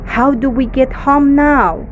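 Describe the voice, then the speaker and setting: A woman teacher reading the lines of a curious young girl in a storybook, slowly. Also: sits high, steady tone, dull audio, a little hiss or hum. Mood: hushed.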